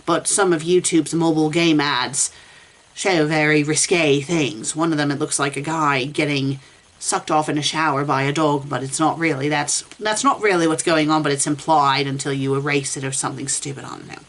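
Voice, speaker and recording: A woman's voice: low-pitched, fairly even intonation, moderate pace. A woman reviewing fan fiction for laughs, reading it aloud and answering it with sarcastic, exasperated asides.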